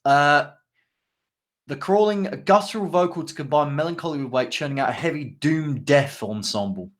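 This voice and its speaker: A man's voice: a little high, normal speed. Chatty man reading band blurbs. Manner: reads out band blurbs with many ums and asides. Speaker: podcast co-host. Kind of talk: casual podcast chat.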